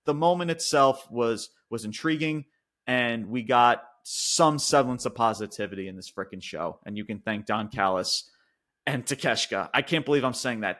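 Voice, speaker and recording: A man co-hosting a wrestling podcast, ranting and swearing in casual chat, going from loud outbursts to quiet mutters. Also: on the low side, moderate pace. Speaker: podcast co-host.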